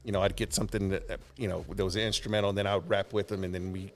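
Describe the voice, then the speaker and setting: A man guesting on a podcast, telling rambling anecdotes in relaxed, casual conversation. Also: low voice, very fast. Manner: laid-back, rambling anecdotes with laughs.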